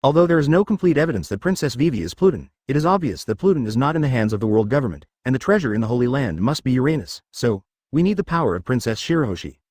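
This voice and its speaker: Solemn young revolutionary officer, read by a man, fast lively delivery, dry close sound. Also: mid-range voice, no room sound. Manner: serious, urgent planning.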